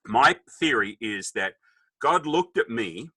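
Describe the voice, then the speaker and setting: Lively, bright-voiced Australian man. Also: mid-range voice, slow, breathy edge, no room sound, low-quality recording. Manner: animated, joking storyteller acting out dialogue. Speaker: podcast guest. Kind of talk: casual storytelling.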